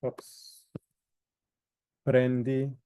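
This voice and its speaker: A man teaching a recorded lesson, explaining verb forms slowly with frequent fillers and listing each form one by one. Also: mid-range voice, monotone, mellow, smooth. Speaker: Italian instructor. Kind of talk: recorded lecture.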